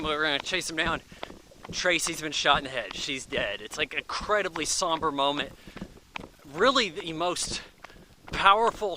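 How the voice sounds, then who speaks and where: With traffic nearby outside, a man rambles through an informal movie review, using lots of fillers and throwing in quick acted-out asides. He speaks on the high side.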